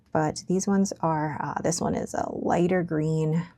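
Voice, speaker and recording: Woman, young adult, casual review chat, mellow and a little gravelly, very dry close sound. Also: low-pitched, steady tone, a little slow, no echo. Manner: chatty, musing, drops to near whispers at times. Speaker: stationery vlogger. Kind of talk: casual ink swatch review.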